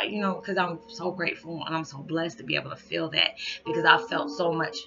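A man talking in a casual spiritual vlog, halting and full of "you know", near tears at times. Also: on the high side, steady tone, creaky, sharp tone. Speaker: spiritual vlogger. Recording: dull lo-fi audio with music behind. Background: background music.

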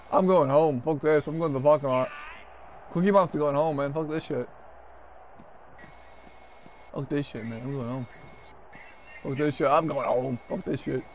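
A man streaming a wrestling game, chatting casually, cursing and yelling at the action. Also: fairly high pitch, normal speed, pauses often, a little hiss or hum. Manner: excitable, profane, yells and laughs at the game. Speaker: gaming streamer. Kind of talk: casual gameplay chat.

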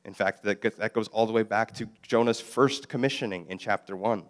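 A man's voice: lowish voice, normal speed. A man preaching a sermon as a guest speaker, explaining the Hebrew text with fillers and self-corrections and quoting lines in a livelier voice. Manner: voices God and Jonah in lively quoted lines.

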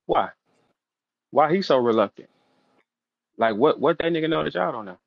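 A brash middle-aged man hosting, throwing out repetitive trash talk in a slightly high voice. The recording is dull and lo-fi, with a dry, close sound. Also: expressive, moderate pace, vocal fry, dry recording. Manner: brash, repetitive, calling out a rival. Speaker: host. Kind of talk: animated trash talk in a casual interview.

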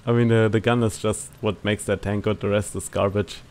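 A man hosting a gaming channel, chatting casually while playing with a friend, excitable and quick to shout and laugh. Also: on the low side. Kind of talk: casual gameplay commentary with a squadmate.

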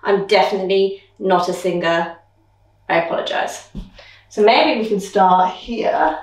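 A young woman dance teacher thinking aloud as she choreographs, counting beats with vocal sounds like boom and dum. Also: measured pace. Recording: roomy echo, mic at a distance.

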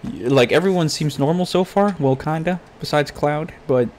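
A man's voice: a little high, normal speed, darkish tone, a little hiss or hum. A man giving crude, profane Let's Play commentary, ranting at and scolding his game character. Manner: swears constantly, talks to his game character. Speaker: gaming YouTuber.

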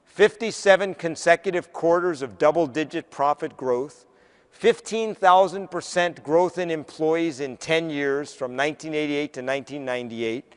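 A man giving a keynote speech, telling stories in an animated, conversational way with humor. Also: on the high side, smooth. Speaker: keynote speaker. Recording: long hall reverb.

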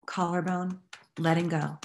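A woman leading a guided tapping exercise, giving calm step-by-step instructions and affirmations to repeat. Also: lowish voice, unhurried, a little hiss or hum. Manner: calm instructive guiding, repeat-after-me phrasing; affirming, uplifting delivery. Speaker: recovery workshop facilitator.

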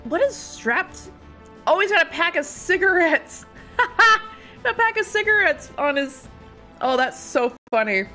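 Chatty, animated woman streamer. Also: very high voice, measured pace, faint music behind. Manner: chatty and giggly, reading game text aloud. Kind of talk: let's play commentary.

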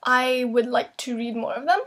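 A young woman book vlogger answering viewer questions in a chatty, quick way, full of "like" and "um". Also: fairly high pitch, fairly even intonation, a bit bright. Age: young adult. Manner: chatty, quick, with frequent "like" and "um" fillers. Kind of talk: casual Q&A vlog. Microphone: camera mic.

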